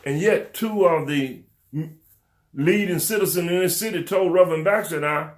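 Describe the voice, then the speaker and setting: A man with a slightly high voice, speaking at normal speed, hosts a local talk show. In a preacher-like call-and-response style, he scolds his audience with fervent rhetorical questions.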